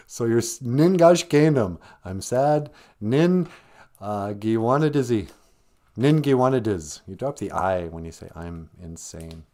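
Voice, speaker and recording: A man hosting a live stream, talking casually about grief with gentle, self-deprecating humor while holding back tears. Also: on the low side, animated, slow pace. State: close to tears.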